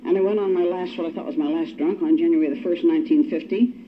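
An older woman tells her story at a recovery meeting, wry and poking fun at herself. Her voice sits on the low side, and she talks fast with fairly even intonation. The recording is dull and lo-fi, with faint hiss.

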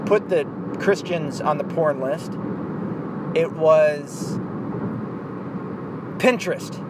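A rambling man swearing freely as he podcasts from behind the wheel. His voice sits a little high, and steady road noise runs under everything. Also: extremely slow. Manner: rambling, profane, self-mocking. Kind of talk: casual profane rant. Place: inside a moving car.

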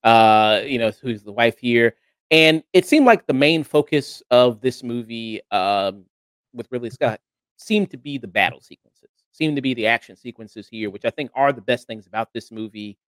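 A man's voice: mid-range voice, normal speed, no room sound. A man hosting a casual review chat, talking in a rambling way with lots of hesitant fillers. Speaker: podcast host.

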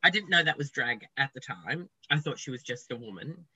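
Bright-voiced man telling stories. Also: medium pitch, brisk, slightly rough, dry recording, highs cut off. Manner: candid, animated, swears freely. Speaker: podcast guest. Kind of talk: casual storytelling interview.

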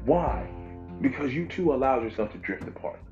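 Male pastor, mid-pitched, preaching informally with emphatic repetition; muffled recording, soft music underneath. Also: lively intonation, moderate pace. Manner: emphatic, repeats phrases for stress. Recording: dull lo-fi with faint music.

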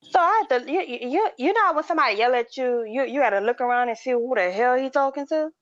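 Slangy, animated woman storytelling. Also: high-pitched, fast talker. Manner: animated storyteller, acts out quoted people, loose and slangy. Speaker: podcast co-host. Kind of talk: casual chat, storytelling. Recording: dry, slightly dull recording.

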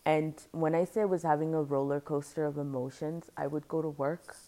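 A young woman speaking softly and reflectively as she tells a personal story on a podcast. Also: low-pitched, steady tone, fairly quick. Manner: soft-spoken and reflective, often quiet.

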